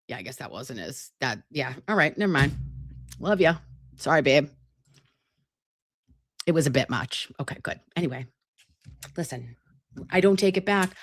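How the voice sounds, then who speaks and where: A woman's voice: low voice, animated, moderate pace, long pauses, no echo, studio quality. A woman hosting a casual news commentary show, ranting with profanity and chatting directly to her viewers. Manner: profane, heated ranting with sudden asides.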